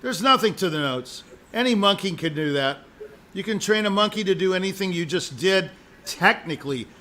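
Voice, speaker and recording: Bright-voiced emphatic male music judge. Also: high voice, lively intonation, normal speed. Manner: emphatic, repeats points, jokey asides. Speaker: audition judge. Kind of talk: live spoken feedback to a musician.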